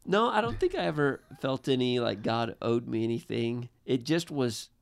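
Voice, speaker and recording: Earnest male storyteller, thirties, low smooth voice with gravel, dry close sound. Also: sing-song, no echo. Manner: earnest, halting with restarts. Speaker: guest. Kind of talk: personal storytelling in a podcast chat.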